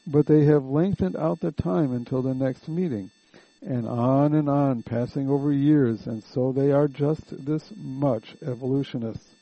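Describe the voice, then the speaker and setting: A man's voice: medium pitch, fairly even intonation, a little slow, no room sound. A man preaching a sermon, reading aloud in an earnest, questioning, emphatic way, recorded lo-fi and dry.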